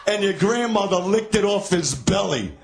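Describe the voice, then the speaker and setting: A man working the crowd as a stand-up comic, swinging between a low, mocking murmur and loud, high jeering. His pitch sits high for a man and leaps around a lot. He is crude and taunting throughout. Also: animated, normal speed, vocal fry, a little hiss or hum. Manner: crude, taunting, shouts and laughs at hecklers. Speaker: stand-up comedian. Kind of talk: crowd-work insult comedy.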